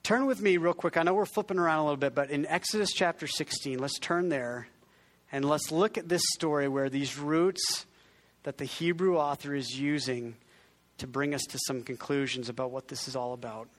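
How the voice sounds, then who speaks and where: At normal speed and in a slightly high voice, a man preaches a conversational sermon as pastor. He often begins sentences again, makes jokes about himself, and gets the congregation to repeat words.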